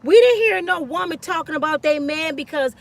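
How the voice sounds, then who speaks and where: A woman with a high, swooping voice tells stories in an animated rant, switching between sermon-style preaching and sassy asides. Her delivery is emphatic and full of energy. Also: a little fast. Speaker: host.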